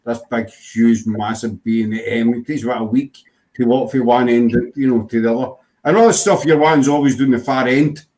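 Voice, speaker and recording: A man with a mellow, steady, mid-range voice hosts a casual podcast chat at normal speed, meandering through anecdotes and leaning on "you know." The recording sounds rough.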